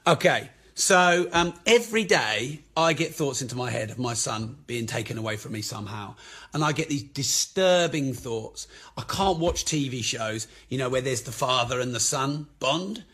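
Husky, forceful man, blunt talk. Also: mid-range voice, lively intonation, normal speed. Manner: frank, swears freely. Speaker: property business speaker. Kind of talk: candid motivational talk.

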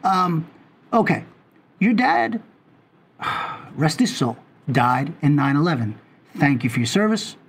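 High-pitched ranting New man. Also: slow pace, pauses often. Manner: ranting, animated, tangent-prone. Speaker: podcast co-host. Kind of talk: casual podcast chat.

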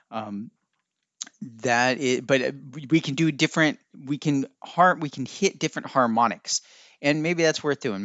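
A man's voice: medium pitch, fairly bright tone, no room sound. A man hosting a solo podcast, talking in a musing, teacherly way that keeps correcting itself. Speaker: podcast host. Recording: dry, dull lo-fi sound.

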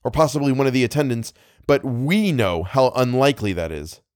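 A man voicing a distraught gentleman who blames himself and speaks urgently about a danger on the loose. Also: medium pitch, a little fast, dry recording, studio quality, close to an everyday voice. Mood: alarmed. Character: agitated, self-blaming man in alarm.

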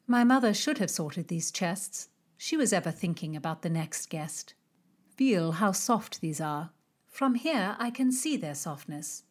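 A woman's voice: lowish voice, expressive, unhurried. A woman voicing a guarded young female innkeeper in an audiobook, speaking formally and coolly polite. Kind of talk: audiobook character reading.

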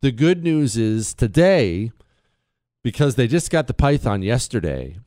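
A man hosting a talk radio show, telling stories in a casual, animated way and laughing at his own jokes. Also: mid-range voice, measured pace, no room sound, clean studio sound. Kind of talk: casual storytelling monologue. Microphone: studio mic.

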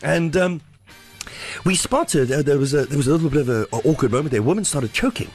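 Lively high-voiced radio host telling a joke. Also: male voice, fast, breathy edge, faint music behind. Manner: animated, hesitant with fillers. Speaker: radio breakfast show host. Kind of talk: comic storytelling on radio.

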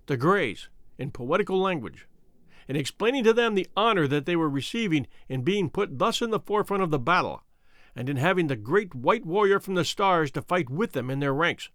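A man narrates an adventure story in the first person. His reading is measured and expressive, and his voice sits a little higher than most men's. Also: dry recording. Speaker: audiobook narrator.

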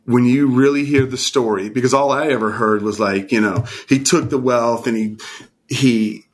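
A Californian guest in his fifties tells a moving personal story in conversation, his medium-pitched voice steady in tone and moderate in pace. He speaks with earnest sincerity, sinking to a near-whisper during tender moments.

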